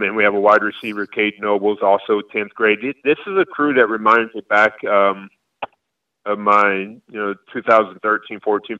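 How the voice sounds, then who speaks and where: Recorded on a distant mic with lo-fi sound, a man in his forties who coaches high school football in Florida responds to interview questions. His answers wander, with halting restarts.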